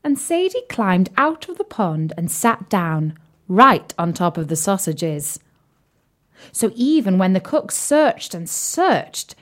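A young woman telling a children's story in a playful, animated way, sometimes dropping to a whisper. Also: mid-range voice.

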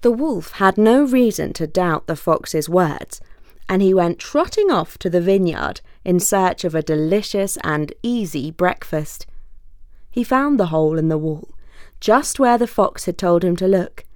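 A woman narrating a fable in a measured, expressive storytelling manner. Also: on the low side, dry recording, clean studio sound.

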